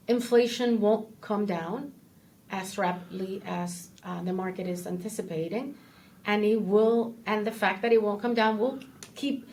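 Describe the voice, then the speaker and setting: A woman who is a portfolio manager, a guest in an interview, explaining things in a measured way. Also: mid-range voice. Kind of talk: casual interview.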